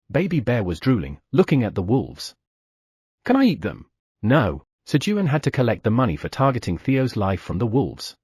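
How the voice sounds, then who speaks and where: A man narrating an audiobook in a lively storytelling manner, voicing the sound effects. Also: mid-range voice, breathy edge, no room sound, studio quality. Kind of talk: scripted narration.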